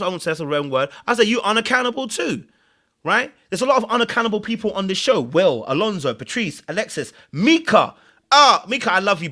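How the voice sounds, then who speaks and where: A man hosting a podcast, giving emphatic commentary on a reality show and acting out the people he quotes. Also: high voice. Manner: animated, emphatic, acts out quotes. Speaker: podcast host.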